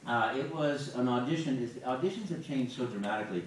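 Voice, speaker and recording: Animated man in an echoey hall. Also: medium pitch, brisk, slight background noise. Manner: animated, full of "you know" and sung tunes. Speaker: guest voice actor at a fan panel. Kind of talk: casual Q&A with an audience. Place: large convention hall. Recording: echoey hall recorded from far off.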